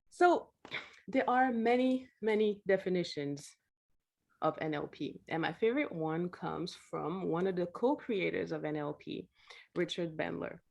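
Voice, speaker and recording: A woman working as an NLP coach, speaking to a group on a video call and leading a slow, soothing breathing exercise. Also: mid-range voice, animated, gravelly. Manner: soft, slow and soothing when guiding the breathing. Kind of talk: guided breathing exercise and seminar talk. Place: home, late at night.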